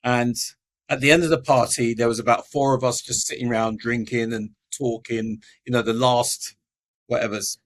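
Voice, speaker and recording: A man's voice: mid-range voice, flat delivery, moderate pace. A middle-aged man, a podcast guest telling his life story and acting out the voices of the people in it. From England.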